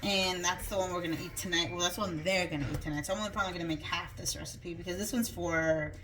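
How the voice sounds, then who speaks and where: A woman's voice: lowish voice, steady tone, fast talker, music in the background. A woman vlogging casually in her home kitchen, chatty and rambling, a little out of breath and joking about herself. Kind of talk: casual chat.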